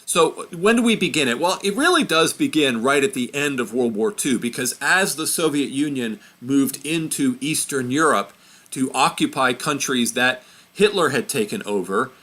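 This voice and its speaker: A man's voice: medium pitch, pushed and bright. A man giving an informal history lesson, chatty and self-correcting as he points at a map. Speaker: history teacher.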